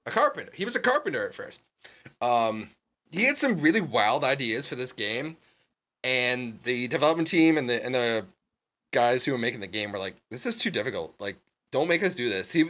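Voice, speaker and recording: A man co-hosting a casual podcast, animated and laughing often, with plenty of ums and uhs. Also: a little high. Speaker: podcast co-host.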